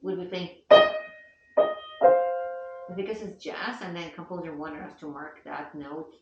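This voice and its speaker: With a deep, unhurried voice, a woman teaches piano one-on-one, patiently explaining and counting out the beats. The lo-fi recording feels echoey, distant and dull, with piano playing behind her.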